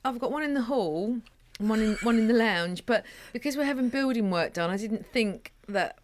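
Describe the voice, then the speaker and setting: A woman's voice: fairly high pitch, lively intonation, moderate pace, slight background noise. A woman co-hosting a radio chat show, with a young-sounding voice, speaking hesitantly and restarting her sentences. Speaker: radio co-host. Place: radio studio. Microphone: studio mic.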